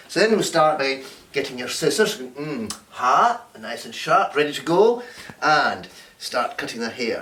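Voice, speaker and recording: In a home room, a workshop leader for drama and games talks playfully and stages little scenes to show how things work. His mid-range voice is expressive and a bit bright, at a normal speed. The recording comes from a distant camera and sounds roomy.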